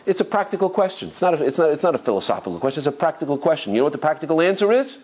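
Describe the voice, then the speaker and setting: A rabbi giving an animated Torah class, telling stories excitedly with stumbling repetitions and chuckles. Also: male voice, on the high side, very fast, breathy edge. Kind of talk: animated Torah lesson with storytelling.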